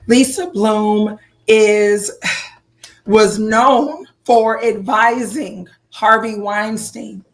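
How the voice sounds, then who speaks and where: A woman co-hosting a casual podcast chat, voice going hoarse, animated with playful exaggerated reactions. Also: mid-range voice. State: losing her voice. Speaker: podcast co-host.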